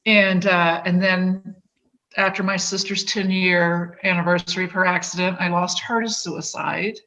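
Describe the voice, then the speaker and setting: A woman guest in an interview, speaking in a slow, halting way with many pauses and restarts. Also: fairly low pitch, steady tone, pushed and bright, poor audio. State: tearful, voice breaking. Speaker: podcast guest. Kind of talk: emotional interview conversation.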